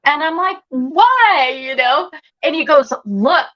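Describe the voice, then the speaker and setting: A woman's voice: sits high, normal speed, bright, forceful tone, lo-fi sound. A woman guest telling a personal story with animation, acting out the voices she quotes.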